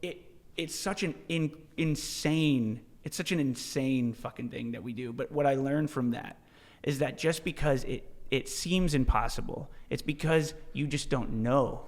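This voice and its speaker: A man telling a story as a podcast guest, in a casual, animated way, swearing freely and restarting his sentences often. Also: medium pitch, a little slow. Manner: animated, profane, many restarts and "dude". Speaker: podcast guest, ultra-marathon runner.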